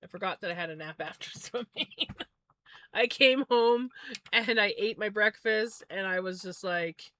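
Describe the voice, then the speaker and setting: A woman's voice: mid-range voice, measured pace, sharp tone. A woman livestreamer chatting casually and musing aloud while spinning yarn, often correcting herself.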